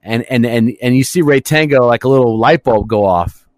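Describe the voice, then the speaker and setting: A man co-hosting a casual podcast, riffing on old movies with profanity and sudden shouted impressions. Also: medium pitch, normal speed, dry recording. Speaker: podcast co-host.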